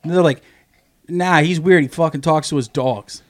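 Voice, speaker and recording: Profane, lively man telling a neighbor story. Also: normal speed. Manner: profane storyteller, acts out quotes in a high goofy voice. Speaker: podcast co-host. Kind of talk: casual chat.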